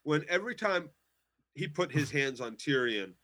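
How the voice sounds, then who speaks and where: A man's voice: fairly high pitch, animated, normal speed, bright, forceful tone, a little hiss or hum. A man co-hosting a casual TV recap podcast, ranting emphatically and swearing a lot. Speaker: podcast co-host.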